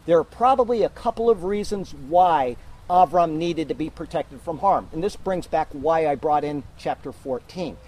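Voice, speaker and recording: A male pastor delivers an emphatic sermon, working through a scripture passage and warning his congregation. His voice is mellow and warm, sitting a little higher than most men's. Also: moderate pace, low-quality recording. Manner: emphatic, teaching verse by verse.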